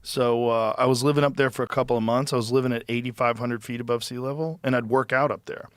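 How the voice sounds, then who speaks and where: Middle-aged male podcast host, relaxed and profane, mid-pitched, close dry studio mic. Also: quick pace, dry recording. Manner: relaxed, profane, gives blunt advice. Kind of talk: casual chat.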